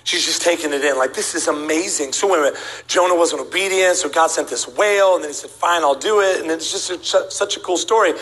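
A man preaching to a congregation in a bright, somewhat high voice, full of energy. He tells funny stories and slips into the voices of the people in them. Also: quick pace, poor audio. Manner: animated, acts out voices of people in his stories. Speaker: guest preacher. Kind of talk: humorous sermon storytelling. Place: church sanctuary before a congregation.

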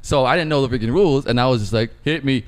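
A young man co-hosting a casual podcast, telling stories in an animated, profane way. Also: mid-range voice, rapid-fire. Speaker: podcast co-host.

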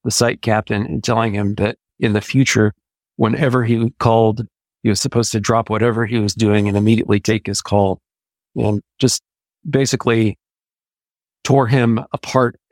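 An American man in his sixties, an Army veteran, telling stories from his service in a measured, anecdotal way. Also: on the low side, fairly even intonation, darkish tone, no room sound. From United States. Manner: measured, anecdotal, with occasional restarts. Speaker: interview guest, Army veteran. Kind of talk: conversational storytelling.

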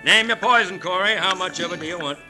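A man's voice: high-pitched, sharp tone, soft background music. An actor playing a shifty carnival shell-game man with barker patter, in 1940s radio acting. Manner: fast-talking barker patter, hesitant when caught off guard.

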